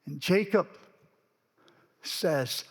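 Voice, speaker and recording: A male pastor telling a story in a sermon, dropping to a hush and then swelling for emphasis. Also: high voice, drawn-out words, breathy edge. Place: church sanctuary. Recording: long reverb of a church sanctuary.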